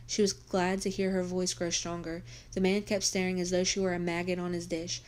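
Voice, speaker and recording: A woman, a teacher, reading a novel aloud for her students in a steady storytelling voice. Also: fairly low pitch, fairly quick, hardly any pauses.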